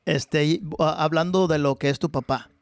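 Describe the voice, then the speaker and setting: A man's voice: fairly high pitch, steady tone, a little fast, vocal fry, clear, resonant tone, no room sound, clean studio sound. A man from Texas hosting a podcast, chatting casually and switching freely between English and Spanish. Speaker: podcast host, mariachi musician. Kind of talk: casual bilingual chat.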